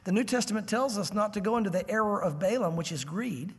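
High-voiced emphatic male preacher. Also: slightly rough, big-room sound. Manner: animated, emphatic, conversational preaching with quick asides. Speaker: pastor. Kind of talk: expository sermon.

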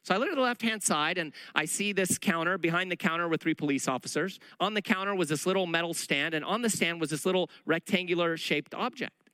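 Brief middle-aged man preaching, high bright voice, lively storyteller who acts out the dialogue, dry close sound. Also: a little fast, clear, resonant tone, dry recording, rough recording. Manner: animated, acts out dialogue in his stories. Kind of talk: sermon storytelling.

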